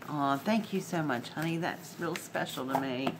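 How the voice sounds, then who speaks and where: A woman hosting a casual crafting vlog, gushing warmly and laughing as she opens mail. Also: low-pitched, normal speed, hardly any pauses, noisy background. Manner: effusive, gushing, laughs often. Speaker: crafting channel host.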